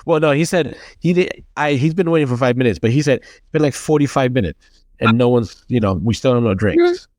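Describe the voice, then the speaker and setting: A man with a mid-range voice tells a story on a podcast, bouncing between his own words and quick impressions of the people in it. The sound is dry and close, with no room around it. He talks casually and with energy. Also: mid-range voice, dry recording. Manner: animated storyteller acting out quoted people. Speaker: podcast co-host.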